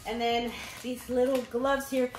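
An excitable young woman talks through her baby gifts in a chatty, upbeat vlog, often calling her viewers "mates". Her voice sits a little high. The sound carries a noticeable room echo. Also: measured pace, slight background noise. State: pregnant, briefly out of breath. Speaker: vlogger. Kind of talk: casual haul vlog. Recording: echoey room.

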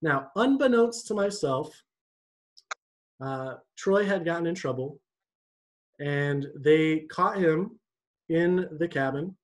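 Young man telling a lively church story. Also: on the high side, slow, pauses often, poor audio. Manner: animated, conversational storytelling. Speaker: devotion speaker for a church. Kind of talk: storytelling devotion.

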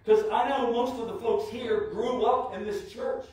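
Slow, emphatic man preaching in echoey church. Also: very high-pitched, steady tone, a little mellow. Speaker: pastor. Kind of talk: sermon. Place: church sanctuary. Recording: very echoey church, mic from far off.

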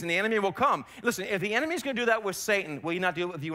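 Bright-voiced, emphatic preaching man. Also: on the high side, expressive, rapid-fire, hardly any pauses. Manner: emphatic preaching, rising and falling in force. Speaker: pastor. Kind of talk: sermon. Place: church sanctuary.

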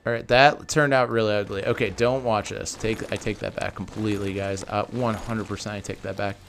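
This video game tutorial creator has a lowish, gravelly voice with fairly even intonation, talking fairly quickly over a noisy background. He chats casually through a building tutorial, calling his viewers "guys" and thinking aloud as he corrects himself.

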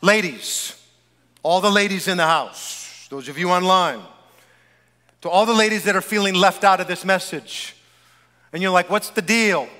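A male pastor delivers an animated sermon, teasing and addressing the congregation directly. His voice sits high and sounds bright and forceful. A long church-hall reverb trails his words. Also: normal speed, pauses often. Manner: animated, joking preacher speaking straight to the congregation. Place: church sanctuary.

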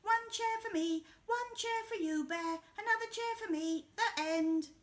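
A woman voicing an eager, bouncy and slightly greedy hare in a picture-book read-aloud, talking in an excited, chirpy way. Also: extremely high pitch, a little slow, slight background noise, pitched above the performer's own voice.

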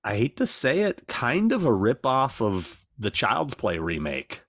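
Animated, profane man telling stories. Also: mid-range voice, unhurried, no echo, clean studio sound. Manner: animated storytelling, profane, acts out voices. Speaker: podcast co-host. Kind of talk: casual chat.

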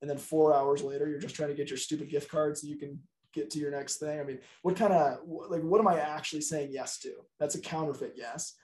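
Chatty man teaching, mellow voice. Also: fairly high pitch, steady tone, a little fast. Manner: chatty and informal, acts out quoted client replies. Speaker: real estate negotiation instructor. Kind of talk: casual classroom lecture.

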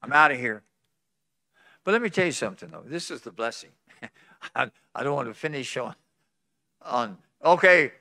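A man preaching a revival sermon at a conference, swinging from loud pleading to hushed tones, with folksy chuckles between phrases. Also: fairly high pitch, dry recording, studio quality. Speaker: pastor. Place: conference hall.

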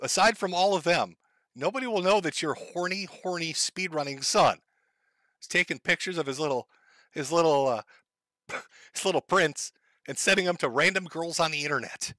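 A man's voice: on the high side, moderate pace, pushed and bright, dry recording. A man hosting a live stream who gives crude, sarcastic and mocking commentary into a home mic. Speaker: streamer host.

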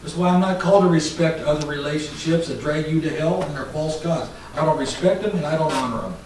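A man preaching a fiery sermon, swinging from loud mocking shouts to low, intense warnings. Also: quick pace, noisy background. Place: church hall. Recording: echoey church hall mic from a distance.

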